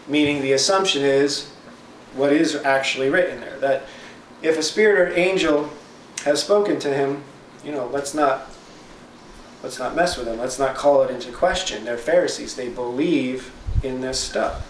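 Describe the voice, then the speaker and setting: A man's voice: mid-range voice, moderate pace. Chatty man teaching from scripture, roomy sound. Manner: reads scripture then paraphrases it in plain, chatty terms. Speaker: Bible teacher. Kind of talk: casual Bible study teaching. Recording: roomy echo, distant mic, faint noise.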